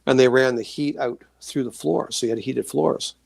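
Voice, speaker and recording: A male interview guest telling stories in a relaxed, rambling way, full of fillers and self-corrections. His voice has a gravelly creak to it, and the recording is close and dry, with no room sound. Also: medium pitch, moderate pace, no room sound. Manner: rambling, animated anecdotes with many fillers and restarts. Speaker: guest author sharing paranormal experiences. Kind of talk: casual storytelling interview.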